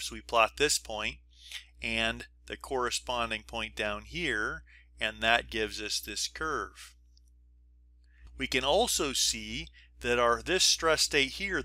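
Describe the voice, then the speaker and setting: A man's voice: medium pitch, pushed and bright, no echo. A middle-aged man giving a recorded engineering lecture, walking through diagrams step by step with informal asides and checks like "you see that?". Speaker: engineering professor.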